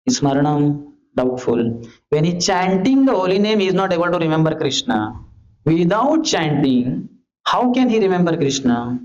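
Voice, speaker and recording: A man's voice: on the high side, moderate pace. Man, preacher, rhetorical, acts out calls, muffled lo-fi recording. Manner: animated, rhetorical questions, acts out shouting and pleading. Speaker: preacher giving a scripture class. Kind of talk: lecture on scripture. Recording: dull lo-fi lecture recording.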